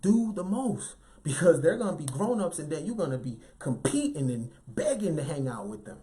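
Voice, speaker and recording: A man giving an animated, emphatic motivational talk in a light, youthful voice, often tagging lines with "right?". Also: a little high, normal speed. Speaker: motivational speaker.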